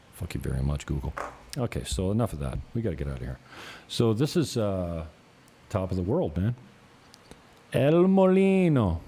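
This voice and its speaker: A Canadian realtor in his fifties hosts his own channel, chatting in a rambling, profane vlog style and chuckling often. His voice is very deep and warm, with a little hiss or hum in the recording.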